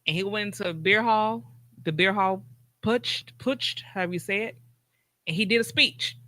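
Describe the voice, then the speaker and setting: A woman's voice: mid-range voice, moderate pace, sharp tone, no echo. A woman co-hosting a podcast, talking casually and telling a long story with many restarts and fillers. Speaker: podcast co-host.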